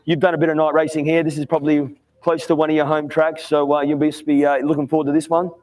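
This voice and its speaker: A man's voice: a little high, flat delivery, quick pace, darkish tone. A man interviewing young drivers on the grid at a night kart race, upbeat and chummy. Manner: upbeat, chummy, calls everyone mate. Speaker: grid announcer.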